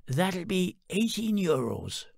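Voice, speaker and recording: Man putting on a higher, slow, teasing market woman, older, motherly, gravelly edge, dry storybook audio. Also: very animated, darkish tone, no echo, heavily acted. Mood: teasing, kindly. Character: brisk older countrywoman selling chickens.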